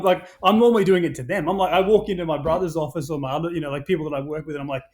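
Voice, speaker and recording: A man on a podcast who talks in a loose, rambling way, full of restarts and swearing. His voice sits a little high for a man. He tells his stories with plenty of energy. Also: very fast, hardly any pauses. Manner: rambling, animated, swears freely, many restarts. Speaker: podcast guest, action sports brand founder. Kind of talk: casual podcast conversation.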